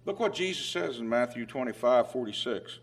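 A man preaching a sermon with emphatic swings in loudness who reads scripture aloud in old-fashioned biblical phrasing. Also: mid-range voice, animated, fairly quick, husky.

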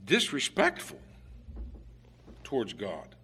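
A man preaching a sermon in a conversational way, with fillers and restarts, who rises to loud, emphatic pleading when he voices the prophet's cries. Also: mid-range voice, wildly swooping pitch, slow pace, slight background noise.

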